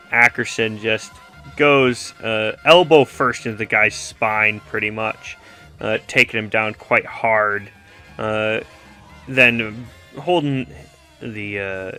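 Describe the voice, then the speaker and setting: Brief: male player, very slow talker, sharp bright tone, casual swearing. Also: fairly low pitch. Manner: relaxed, swears casually, laughs. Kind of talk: tabletop game play.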